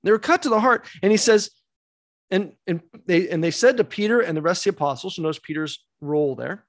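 A man's voice: high-pitched, animated, a little fast. A man teaching a Bible study class, emphatic, asking rhetorical questions and repeating key words.

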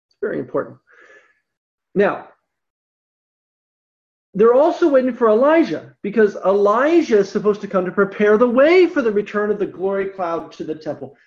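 Scripture lecturer, emphatic and lively, dull low-fidelity recording. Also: gravelly. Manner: animated, emphatic, slows down on key points. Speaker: Bible teacher.

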